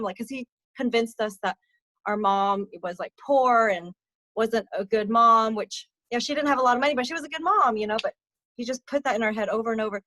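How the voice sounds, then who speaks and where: A young adult woman giving a candid personal testimony as a podcast guest, speaking softly with many fillers and letting her voice sink on the hardest parts. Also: fairly quick, no room sound. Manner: soft-spoken, frequent fillers, drops low on hard parts. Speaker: podcast guest, abuse survivor mentor.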